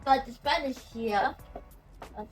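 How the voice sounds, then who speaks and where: A woman teaching language pronunciation, who talks slowly and says example words over and over. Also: sits high, far from the mic, faint music behind, poor audio. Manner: slow and repetitive, saying example words over and over. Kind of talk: explaining pronunciation.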